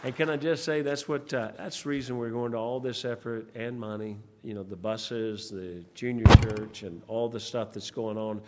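A man, a pastor leading church service announcements in a rambling, folksy way, pausing often. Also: mid-range voice, fairly even intonation. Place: church sanctuary. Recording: long church hall reverb, faint noise.

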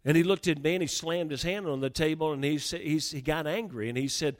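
A middle-aged man delivering a sermon through a personal story. His voice sits a little high, and he stumbles and restarts often. He builds from quiet telling to fervent emphasis. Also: fast talker, hardly any pauses.

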